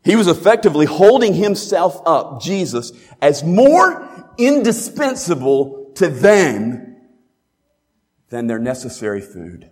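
A man's voice: on the high side, big pitch swings, slow pace, darkish tone. A man preaching a sermon as pastor, emphatic, asking rhetorical questions and repeating key phrases. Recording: long reverb in a large hall.

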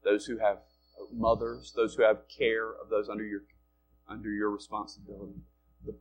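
Man preaching with big swings in loudness. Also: on the low side, normal speed, faint music behind. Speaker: pastor. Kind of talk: sermon.

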